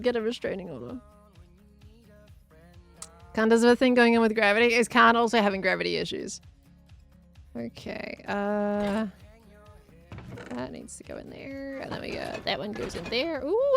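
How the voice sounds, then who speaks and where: A woman's voice: fairly high pitch, creaky, a bit bright. A young adult woman streaming a game, chatting in a rambling, giggly way as she plays. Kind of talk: rambling live gameplay chat.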